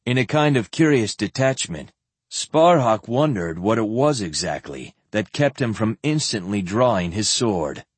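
A man narrating a fantasy novel as an audiobook, expressive and acting out the dialogue. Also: fairly low pitch, measured pace, slightly rough, no echo. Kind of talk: scripted narration.

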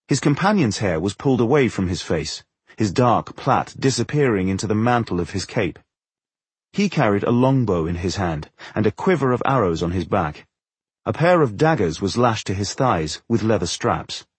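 A man narrating a fantasy audiobook in an expressive storytelling manner, with a husky voice. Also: on the low side, dry recording.

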